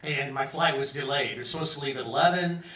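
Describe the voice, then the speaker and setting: A man's voice: medium pitch, fast. A man in his sixties from Peoria telling a long personal story on a pub stage, acting out the other people's lines and swearing freely. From Peoria, Illinois, US. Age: 60s. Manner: animated, acts out other people's lines, profane. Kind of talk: live storytelling monologue. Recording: roomy, from some distance.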